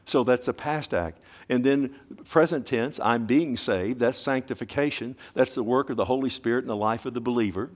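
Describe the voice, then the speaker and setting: A man's voice: mid-range voice, normal speed, few pauses. A man preaching a sermon, firing rhetorical questions at the congregation and repeating key words fervently. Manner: sweeping from loud emphasis down to hushed tones.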